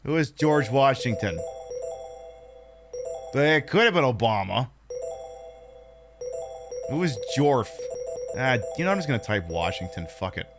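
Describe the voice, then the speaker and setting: A man's voice: medium pitch, sing-song, a little slow, pauses often, loud music behind the voice. A man playing a quiz game and commenting casually, joking and swearing, rambling through his guesses. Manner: profane, joking, rambling asides. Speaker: game streamer.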